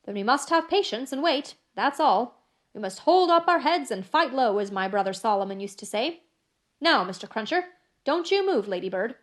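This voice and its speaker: A woman reading the part of a brisk, stubborn, fiercely loyal English maid, speaking emphatically in an audiobook. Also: fairly high pitch, big pitch swings. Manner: emphatic, brusque.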